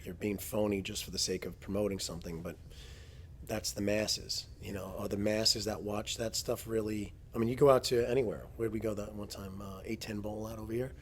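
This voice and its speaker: A man hosting a casual chat as a jiu-jitsu coach, telling stories with plenty of swearing and loud impressions of people. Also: fairly low pitch, level tone, a little fast, a little hiss or hum. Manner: profane, storytelling, imitates people loudly.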